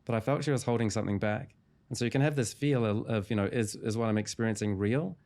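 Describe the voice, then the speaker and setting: A man with a fairly low voice speaks as a guest in an interview. He retells a client's story in a calm, measured way, walking through each step of a session. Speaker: hypnotherapist guest.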